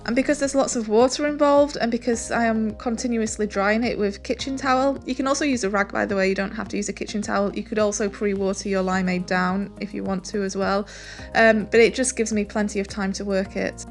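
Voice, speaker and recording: A woman narrating a furniture painting tutorial, relaxed and chatty, with soft music behind. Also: medium pitch, a little fast. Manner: relaxed, chatty, says "um" and "really, really" often. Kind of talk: step-by-step painting tutorial voice-over.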